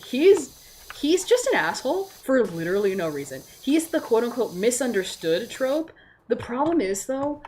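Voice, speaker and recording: A woman's voice: mid-range voice, a little hiss or hum. A young woman ranting casually and with heavy swearing, full of "like" fillers, while she plays a game at her desk. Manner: animated, profane, rants with filler "like". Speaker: vlogger. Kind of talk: casual rant.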